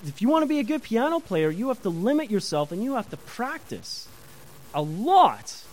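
A man preaching a sermon to a congregation, animated, often asking the listeners questions and chatting with them. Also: very high-pitched, normal speed, low-quality recording. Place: church before a congregation.

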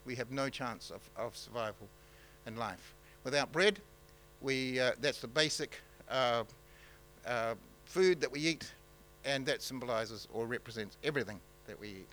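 NZ male pastor, bright forward tone, halting off-the-cuff sermon delivery, faint hum behind. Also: mid-range voice, rough recording. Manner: halting, many fillers and restarts, conversational.

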